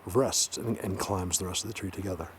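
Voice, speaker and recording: A man vlogging while hiking through a forest, excitedly pointing things out to his viewers in casual walk-and-talk. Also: low voice, fairly quick, a little hiss or hum. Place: forest outdoors, hiking uphill.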